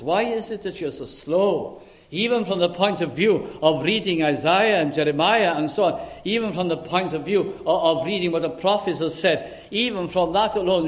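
A man preaching a sermon in a dramatic way, swinging between loud emphasis and hushed, quiet lines. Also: sits high.

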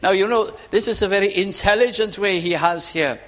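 A man preaching a sermon, asking rhetorical questions and swinging from emphatic to hushed. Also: high-pitched, brisk.

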